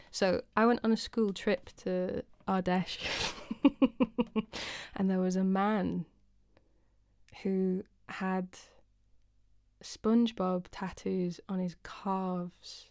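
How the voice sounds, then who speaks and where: A woman's voice: fairly low pitch, flat delivery, takes it slowly, gravelly, a little mellow. A young woman from the UK hosting her weekly live stream, chatting casually and self-deprecatingly with viewers, greeting them by name and rambling through stories. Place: home, indoors.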